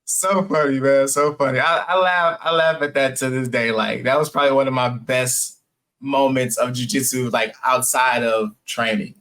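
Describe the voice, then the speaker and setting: A young man, a podcast guest, telling animated casual stories full of "like" and "man" and acting out the voices of others. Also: mid-range voice, normal speed. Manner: animated, acts out quoted voices, laughs often; heavy use of "like" and "man". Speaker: podcast guest, jiu-jitsu purple belt. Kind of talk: casual storytelling.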